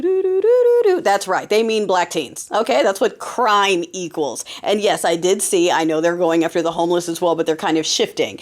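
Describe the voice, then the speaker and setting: A woman hosting a political commentary podcast in a casual, sarcastic monologue full of quick asides. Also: on the low side.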